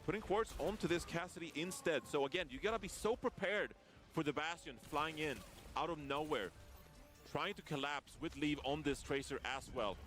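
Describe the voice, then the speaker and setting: A man casting an esports match, explaining team strategy in a measured, analytical way. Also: fairly high pitch, fairly bright tone, soft background music. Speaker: esports caster.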